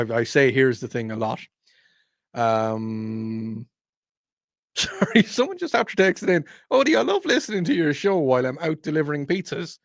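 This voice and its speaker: A man's voice: medium pitch, no echo, studio quality. A man hosting, delivering a rambling, wry, opinionated monologue full of asides. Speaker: host. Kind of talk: opinionated radio-style monologue.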